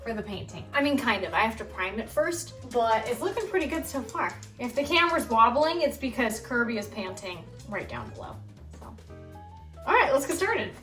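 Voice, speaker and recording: A woman's voice: a little high, moderate pace, soft background music. A young adult woman vlogging about home renovation in a casual, sassy, profane storytelling manner. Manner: sassy, profane, animated storytelling with voiced quotes. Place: home hallway, indoors.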